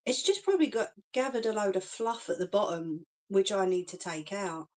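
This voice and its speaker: A woman's voice: mid-range voice, animated, normal speed, darkish tone. A middle-aged woman chatting casually with live viewers, reassuring and laughing often. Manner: chatty and reassuring, laughs often, says "do you know what I mean". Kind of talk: casual live-stream chat.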